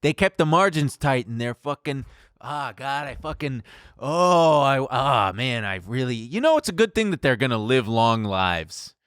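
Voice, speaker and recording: A man's voice: mid-range voice, animated, normal speed, fairly bright tone, clean tone, dry recording. A man co-hosting a comedy podcast, ranting sarcastically and profanely into a close mic. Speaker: podcast co-host. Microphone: close studio mic.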